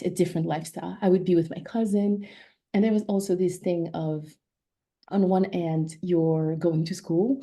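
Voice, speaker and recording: Mellow-voiced woman, reflective storyteller. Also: lowish voice. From Ivory Coast. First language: French. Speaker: guest. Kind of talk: casual interview conversation.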